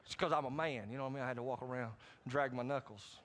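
A middle-aged man preaching a sermon, animated, with sudden loud rises and frequent asides to the congregation. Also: mid-range voice, very fast, a little hiss or hum. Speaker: pastor.

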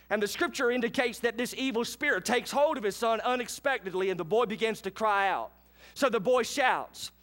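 A man preaches an earnest sermon in a fairly high voice. He retells the scripture scene vividly and turns to his congregation with direct questions. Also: a bit bright. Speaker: pastor.

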